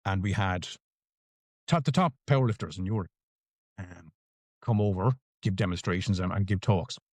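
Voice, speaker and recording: A man's voice: deep voice, normal speed, slightly rough, dry recording. Emphatic Irish man, dry sound. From Ireland. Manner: emphatic, swears freely, repeats phrases for stress. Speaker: podcast guest. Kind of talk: conversational interview answers.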